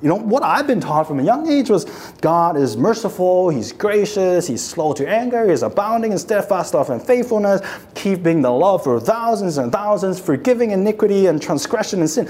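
A preacher delivering a sermon, retelling scripture dramatically, dropping to a hush and then rising, and repeating phrases for emphasis. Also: mid-range voice, very animated, brisk. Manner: dramatic, swings from hushed to raised voice.

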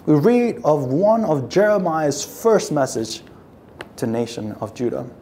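A woman's voice: deep voice, expressive, measured pace, mellow, a little hiss or hum. A woman preaching a sermon, telling the scene as a story and acting out how the crowd reacts, often repeating and restarting words as she builds. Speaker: pastor.

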